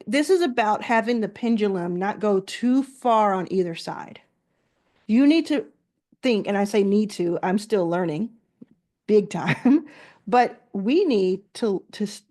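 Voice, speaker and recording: Middle-aged woman, founder giving candid motivational talk, loose and chatty with restarts, mid pitch. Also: warm tone. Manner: candid storytelling with many fillers and restarts. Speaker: founder and investor giving advice.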